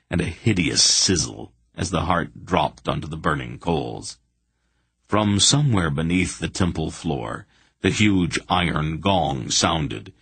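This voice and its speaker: A man narrating a fantasy audiobook in a measured, deliberate reading. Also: low voice, fairly bright tone, breathy edge, no room sound. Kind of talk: scripted narration.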